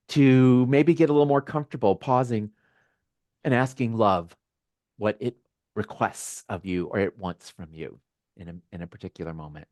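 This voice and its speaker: Soft-spoken guy musing on a video call, dry close sound, mid-pitched, chuckles now and then. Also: no echo. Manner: gentle, musing, with small laughs and restarts. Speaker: host of a community video call. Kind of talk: reflective casual talk.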